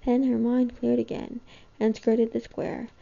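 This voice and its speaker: Woman reading a storybook aloud, super creaky mellow voice, muffled lo-fi sound. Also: a little high, unhurried. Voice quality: gravelly. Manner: steady, even storybook reading. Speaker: reader. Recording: dull lo-fi home recording.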